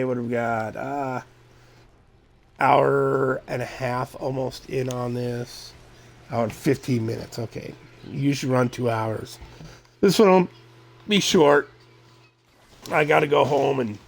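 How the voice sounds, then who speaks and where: A middle-aged man streaming a video game, rambling casually and thinking out loud as he plays. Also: mid-range voice, vocal fry. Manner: rambling, relaxed, thinking aloud with fillers. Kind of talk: casual gameplay chatter.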